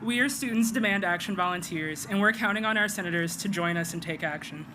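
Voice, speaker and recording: A woman's voice: fairly low pitch, fast talker. A young woman, a student activist, reads a prepared statement steadily at an outdoor rally. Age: young adult. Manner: steady, read-out delivery. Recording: outdoor street noise.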